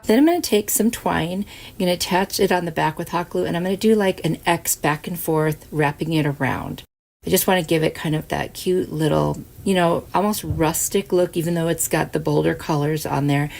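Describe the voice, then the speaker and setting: A woman's voice: low-pitched, brisk, creaky. A woman hosting a craft channel, chatting casually through each step of a DIY tutorial voice-over. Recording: soft music behind.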